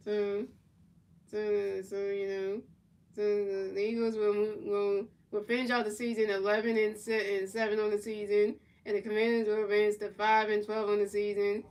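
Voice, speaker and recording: A woman from Philadelphia calls the plays of a football video game and answers her chat in a casual, looping way, restarting phrases again and again. Her middle-pitched voice stays flat and even. The mic sits a little distant from her. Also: normal speed. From Philadelphia, USA. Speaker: gaming streamer. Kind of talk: play-by-play commentary of a football video game, chatting with viewers.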